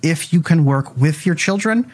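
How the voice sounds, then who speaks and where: Husky-voiced man, lively storyteller, casual podcast guest. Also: fairly high pitch, normal speed. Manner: animated storyteller acting out dialogue with his kids. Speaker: guest parenting speaker.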